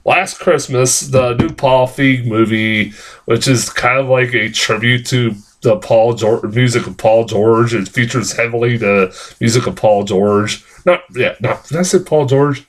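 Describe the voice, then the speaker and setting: A man talks through his movie opinions in a loose, rambling way. He swears often, fills pauses with "uh" and "um," and stops to correct himself. He sounds a bit tired, like he's recording late at night. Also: medium pitch. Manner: rambling, profane, frequent fillers and self-corrections. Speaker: film reviewer. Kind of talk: casual spoken review.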